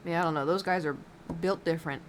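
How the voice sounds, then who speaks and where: A woman's voice: sits low, fast talker, a little hiss or hum. A woman streamer chatting casually while painting, rambling with lots of fillers and giggles.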